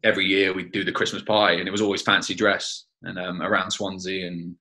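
Brief: low-voiced man with a forceful, bright edge, chatty teammate reminiscing in an interview. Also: flat delivery, fast talker, poor audio. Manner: chatty, fills with "you know" and "like that, like". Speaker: former teammate.

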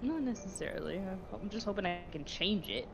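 A woman chatting casually with a friend over voice chat, speaking softly and mostly in brief replies. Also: medium pitch, lively intonation, quick pace, vocal fry, music in the background. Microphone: remote voice chat. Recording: slightly dull voice-chat audio, faint noise.

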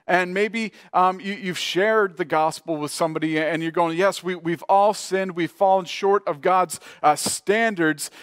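A man's voice: on the high side, dry recording, studio quality. A man preaching a conversational sermon as pastor, often acting out imagined voices of everyday people. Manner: conversational, acts out imagined dialogue.

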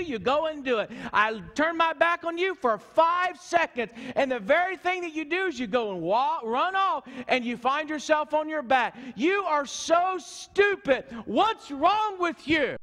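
A man preaching acts out an exasperated shepherd scolding a fallen sheep, in a high, strained shout. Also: expressive, normal speed, hardly any pauses, heavily acted. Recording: echoey church hall.

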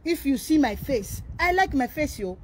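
High-voiced woman pleading. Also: animated, normal speed. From Congo. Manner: pleading, repetitive, switching between languages. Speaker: vlogger answering a rival. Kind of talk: emotional direct-to-camera rant.

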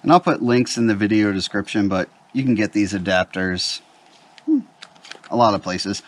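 A man's voice: lowish voice, moderate pace. A man vlogging from a forest campsite, casually explaining his gear and chatting to his dog. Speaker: backpacking vlogger. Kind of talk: casual outdoor gear demo.

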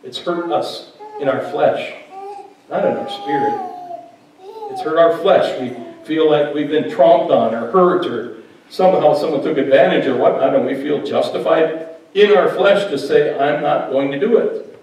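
Pastor in a very echoey church hall. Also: male voice, fairly high pitch, unhurried, darkish tone. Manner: conversational preaching, teases the congregation. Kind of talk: sermon. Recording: very echoey hall, mic far off.

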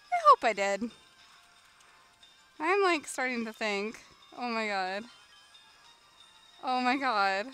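A young woman streaming a game live, chatting casually and bursting into excited shrieks, with music playing behind her. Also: a little high, slow pace, long pauses. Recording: background music under the voice.

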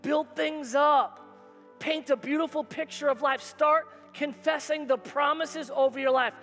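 A man's voice: very high-pitched, fairly even intonation, measured pace, fairly bright tone. A male pastor preaching a sermon, emphatic and repetitive, with call-and-response phrases. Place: church sanctuary. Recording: hall reverb with faint music.

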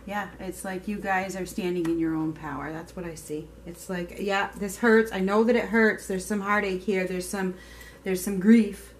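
A woman's voice: medium pitch, fairly even intonation, normal speed. Woman tarot reader, casual and emphatic, faint background noise. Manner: chatty, emphatic, swears casually. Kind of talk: casual tarot reading to camera.

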